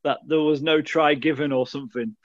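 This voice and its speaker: A man's voice: on the high side, steady tone, a little fast, no room sound. A man in a casual chat, chipping in with questions and prompts. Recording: dry dull lo-fi audio.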